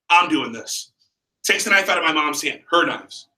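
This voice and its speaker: A man's voice: a little high, lively intonation, fairly quick, pushed and bright. A man leading a sales training session, talking with energy and quizzing his group with questions. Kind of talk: training seminar talk. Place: training room. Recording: echoey room, mic far off.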